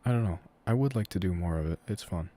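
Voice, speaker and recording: A man in his twenties from Canada, an audio creator answering viewer questions in a relaxed, rambling live chat from a room at home. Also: deep voice, fast talker. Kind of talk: casual live-stream chat.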